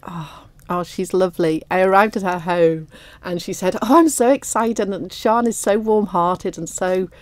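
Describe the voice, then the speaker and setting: A woman of fifty or older, a guest on a radio interview, speaking warmly and near tears, laughing often. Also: on the low side, dry recording. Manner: warm, tearful, laughs often. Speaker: radio guest, raffle prize winner.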